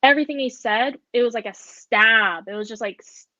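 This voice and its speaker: A woman's voice: a little high, moderate pace, pushed and bright, no room sound. Young woman rambling with "like" fillers. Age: young adult. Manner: rambling storytelling, heavy on filler words. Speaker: podcast co-host. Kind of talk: casual chat. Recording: dull lo-fi dry sound.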